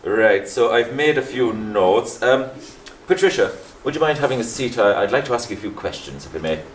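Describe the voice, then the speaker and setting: An actor playing a prying, slightly pompous Catholic parish priest with a Liverpool accent who speaks in a measured, probing way. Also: male voice, mid-range voice, lively intonation, recorded from a distance, slight background noise, natural voice. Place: theatre stage. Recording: roomy stage sound, faint ambience.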